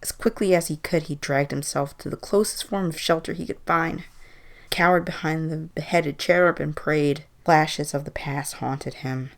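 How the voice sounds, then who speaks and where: A woman reading a Halloween horror story aloud in an even, measured way. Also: low voice, creaky.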